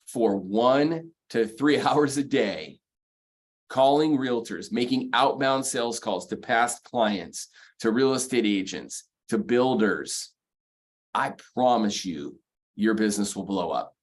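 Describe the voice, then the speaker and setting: A mortgage sales coach gives a motivational sales training talk in an ordinary mid-range voice. He speaks emphatically, repeating key phrases over and over and counting off his advice in numbered points.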